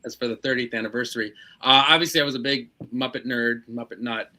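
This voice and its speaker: A man's voice: mid-range voice, fairly even intonation, fast, pushed and bright. A man puppeteer in a casual video chat, cracking jokes and telling how he got into puppetry. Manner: joking, wisecracking. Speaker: puppeteer guest.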